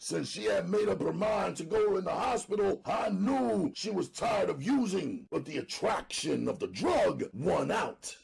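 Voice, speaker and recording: Gravelly man reading a gritty audiobook. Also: high voice, expressive, unhurried, hardly any pauses, darkish tone. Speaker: audiobook narrator. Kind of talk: dramatic audiobook narration.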